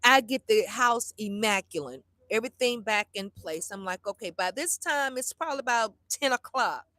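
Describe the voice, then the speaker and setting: A middle-aged woman vlogger tells a story to her live chat bluntly and with animation, swearing freely and acting out the people she quotes. Her voice is a little high at a normal speed, and the recording is dry.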